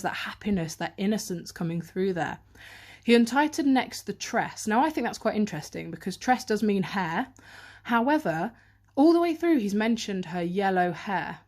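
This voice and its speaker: Woman teacher, lowish voice. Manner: analytical, explains close reading, reads quotes aloud. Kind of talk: revision lesson on a poem. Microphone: handheld camera.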